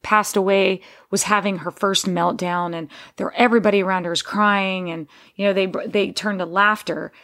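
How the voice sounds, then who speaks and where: Woman rambling on her podcast, lots of vocal fry, keeps going off on tangents. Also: medium pitch, steady tone, moderate pace, hardly any pauses, fairly bright tone. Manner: rambling, digressive, frequent restarts. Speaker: podcast host. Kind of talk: casual personal monologue.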